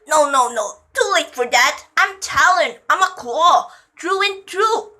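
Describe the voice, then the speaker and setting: Girl doing a hurt teen boy hero gone cold, bright and high, slow. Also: exaggerated voice. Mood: defiant. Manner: bitter, then icy calm. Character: anguished teenage boy hero turned cold.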